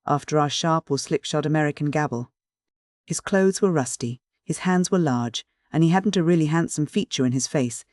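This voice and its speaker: A man reading a classic novel aloud as an audiobook narrator, in even, clear first-person storytelling. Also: a little high, no echo, clean studio sound.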